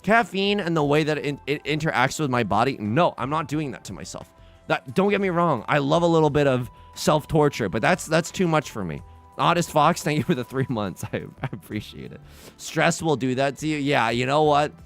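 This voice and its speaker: A man's voice: a little high, normal speed, gravelly, faint music behind. A young man hosting a game livestream, rambling casually with lots of fillers and self-deprecating jokes. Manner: jokey and animated, then subdued and tearful. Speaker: livestream host. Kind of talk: casual stream chat while gaming.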